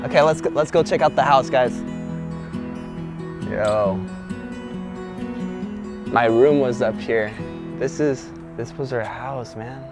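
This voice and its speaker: A young man vlogging outdoors at his childhood home, talking in an excitable, slangy way full of "like" and "bro.". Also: mid-range voice, slow, pauses often. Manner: excitable, slangy, lots of 'like' and 'bro'. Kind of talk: casual on-location vlog. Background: guitar music.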